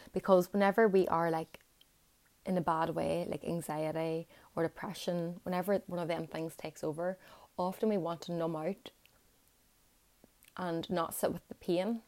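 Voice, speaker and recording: A woman's voice: lowish voice, darkish tone. A young woman talking straight to her viewers in a reflective, motivational way, earnest and encouraging, with lots of "like" fillers. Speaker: vlogger. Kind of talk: reflective motivational talk to camera.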